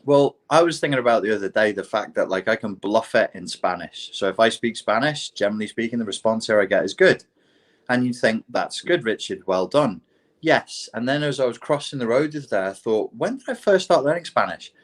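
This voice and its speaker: A British man co-hosting a casual podcast chat, telling animated, self-mocking stories. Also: lowish voice, fast, hardly any pauses. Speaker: podcast co-host.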